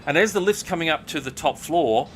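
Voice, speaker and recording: A man's voice: fairly high pitch, animated, fairly quick, a bit bright, slight background noise. An Australian man streaming a video game, telling a long profane story with fillers and restarts. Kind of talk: casual storytelling while gaming.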